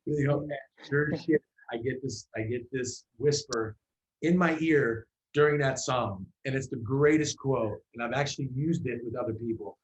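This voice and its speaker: A man's voice: mid-range voice, moderate pace, poor audio. A man, a musician guest in an interview, telling a story in a loose, casual way with many fillers and restarts.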